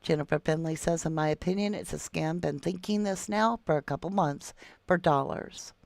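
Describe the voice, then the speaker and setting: Low gravelly woman chatting. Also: moderate pace, no echo. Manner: chatty, calls viewers love and sweetheart. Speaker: true crime livestream host. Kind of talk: casual livestream chat reading viewer comments.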